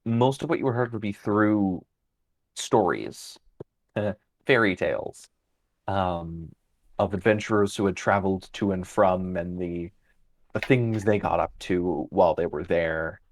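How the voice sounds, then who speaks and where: A man's voice: deep voice, measured pace, dry recording. A man narrating as game master of a tabletop game, loose and chatty, with many ums.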